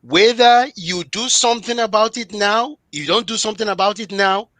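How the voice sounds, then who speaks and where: A man's voice: high-pitched, moderate pace, bright, forceful tone, dry recording. A man giving an impassioned motivational talk on relationships, speaking emphatically, repeating phrases for force and addressing the audience directly.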